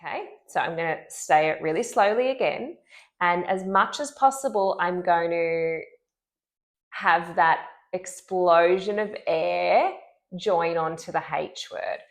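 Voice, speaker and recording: A woman speech-language pathologist talks through a therapy technique in an instructional video. Her voice sits on the low side, and she draws sounds out slowly and deliberately to demonstrate them. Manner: clear, deliberate modeling of speech sounds, drawn-out sounds.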